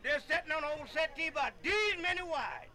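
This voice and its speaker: A man's voice: very high-pitched, animated, fairly quick, sharp tone, low-quality recording. A man telling comic folk stories in a folksy way, often laughing and repeating "yeah.". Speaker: storyteller.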